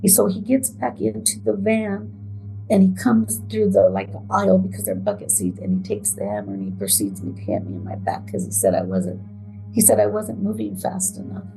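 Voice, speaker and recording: A woman telling her own story in a halting, hesitant way, with pauses and repeated words. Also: very deep voice, very animated, warm tone, soft background music, rough recording. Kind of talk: emotional first-person account.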